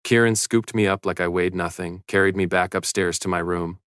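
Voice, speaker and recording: A man reading a first-person story aloud in steady scripted narration. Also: sits low, moderate pace, smooth, no echo, clean studio sound.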